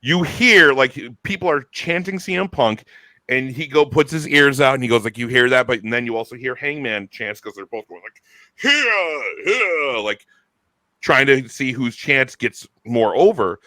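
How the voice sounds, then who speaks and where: A man hosting a casual chat, talking in an enthusiastic, animated way with quick restarts. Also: medium pitch, no echo. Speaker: podcast host.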